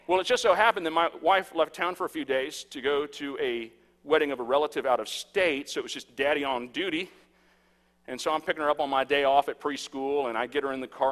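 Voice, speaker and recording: A man in his thirties, a pastor preaching a sermon and telling stories, swinging from hushed to loud. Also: mid-range voice. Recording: echoey hall.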